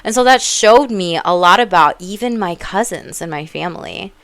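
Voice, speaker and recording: A woman talking to her viewers in an animated, blunt, rambling way, swearing freely and slipping into tangents. Her voice is smooth and clear, and it sounds dry and close with no room around it. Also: lowish voice, normal speed, no room sound. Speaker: psychic and life coach. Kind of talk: casual monologue to viewers.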